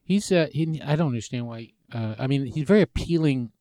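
Male podcast co-host, halting banter, dry close sound. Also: mid-range voice, lively intonation, dark tone, no echo. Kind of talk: casual chat.

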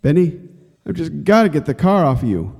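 Man voicing frantic fourteen-year-old boy, raised pitch, urgent. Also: very animated, normal speed, creaky, a little mellow, slightly rough, in a large hall, faint music behind, heavily acted. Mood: desperate.

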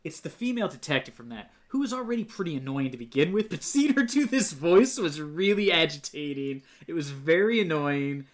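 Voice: medium pitch, animated, a little fast, hardly any pauses. A podcast co-host picking apart a bad movie in casual, rambling banter full of fillers. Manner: critical, rambling with many fillers.

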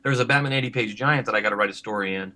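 A man's voice: lowish voice, racing, pushed and bright. A man who writes comics, talking casually in a podcast chat, rambling and laughing often as he acts out quotes.

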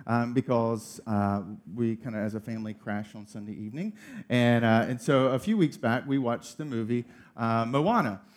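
A man in his thirties preaching a sermon, telling a funny family story with lively energy. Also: medium pitch. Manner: storytelling, animated, laughing through funny story. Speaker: pastor.

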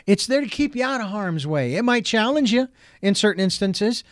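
A radio host leads a casual talk show conversation in a high-pitched, sing-song voice at normal speed. His manner is folksy and reflective, with fillers and restarts. The recording is dry and studio quality.

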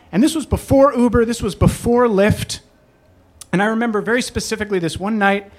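A young man spins a personal story for a live crowd, chatty and animated, slipping in laughing asides. His voice sits high and light for a man.

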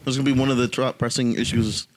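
A young man co-hosting a casual podcast chat, joking around and swearing freely in quick back-and-forth banter. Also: medium pitch, little pitch movement, very noisy. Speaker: co-host.

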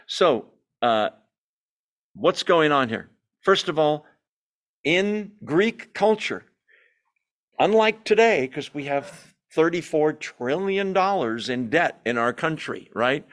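A man teaching a weeknight Bible study, with a voice that sits a little on the high side. He reads scripture aloud and keeps stopping to add asides and explanations. He slows right down to lean on the words he wants to stress. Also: fairly bright tone, clear, resonant tone.

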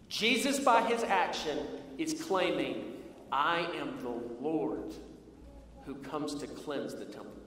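A man preaching a sermon, telling a personal story and slowing down for earnest emphasis. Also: high-pitched. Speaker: pastor. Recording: echoey hall from far off.

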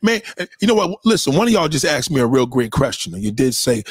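A man's voice: mid-range voice, big pitch swings, fast, few pauses, breathy edge, no room sound, studio quality. A man hosting an online show, giving loose, profane commentary on songs, exclaiming constantly and lecturing his listeners bluntly.

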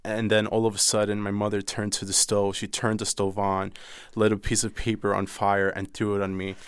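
Low, gravelly Dominican man telling his story. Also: monotone, normal speed, no room sound. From Dominican Republic. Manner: earnest, intense, emotional storytelling. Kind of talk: personal storytelling.

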